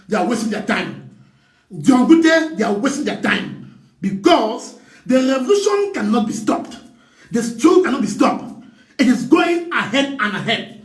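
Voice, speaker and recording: A man with a Cameroonian English accent mixing in Pidgin, giving an impassioned political address that is fiery and repetitive and often shouts. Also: very high-pitched, recorded from a distance. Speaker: activist speaker. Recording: echoey, from the mic.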